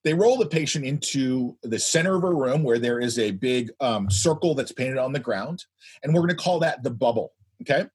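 A man in his fifties, a guest telling a story in a loud, animated way. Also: medium pitch, moderate pace, husky. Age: 50s. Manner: animated, speaks loudly. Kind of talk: anecdotal storytelling.

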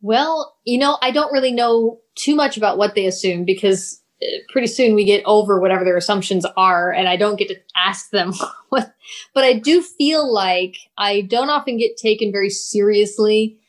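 A woman's voice: mid-range voice, moderate pace. A woman artist and teacher, a guest in an interview, talking thoughtfully with frequent laughs. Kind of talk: casual interview chat.

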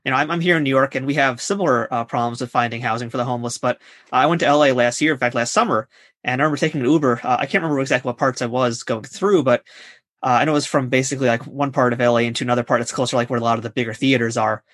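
Male host, rapid-fire casual delivery, dry recording. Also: mid-range voice, fairly even intonation, fairly bright tone, dry recording. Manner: friendly, fast-talking with fillers. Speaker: podcast host. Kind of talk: casual interview chat.

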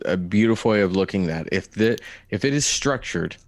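A man's voice: fairly low pitch, animated, a little fast, dry recording. A man co-hosting a podcast in casual chat, with dry, wry asides. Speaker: podcast co-host.

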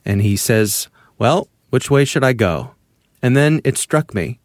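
Role: podcast co-host. Sex: man. Style: casual chat. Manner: measured, musing. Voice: mid-pitched. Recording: dry and close. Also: lively intonation, dry recording. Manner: measured, thoughtful, musing aloud.

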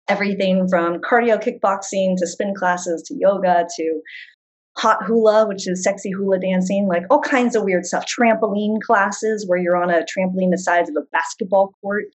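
A woman with a husky, mid-pitched voice speaks as a guest in a casual interview. She talks with open passion and enthusiasm, like a travel video creator describing her life. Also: fairly even intonation, moderate pace, rough recording.

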